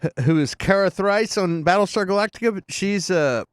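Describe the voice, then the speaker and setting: A man hosting a podcast in casual chat, rambling and halting with fillers and restarts. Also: high-pitched, smooth, dry recording, clean studio sound. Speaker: podcast host.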